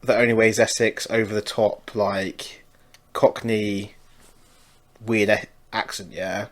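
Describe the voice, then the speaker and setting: A man's voice: fairly low pitch, little pitch movement, slow. Laid-back chatty man on a podcast. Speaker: podcast co-host. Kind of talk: casual podcast chat.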